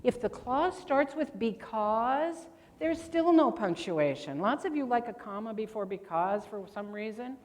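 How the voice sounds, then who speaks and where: A woman's voice: fairly high pitch, expressive, measured pace. An older woman presenting grammar at a convention workshop, chatty and quizzing her audience with questions. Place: large convention hall. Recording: long hall reverb.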